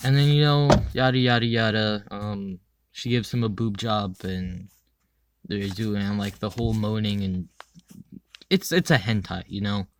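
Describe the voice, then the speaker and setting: A young man casually reviewing an animated show in a crude, rambling way, full of ums and swearing. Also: fairly low pitch, unhurried, background noise. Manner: rambling, crude, filler-heavy with frequent ums. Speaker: anime reviewer.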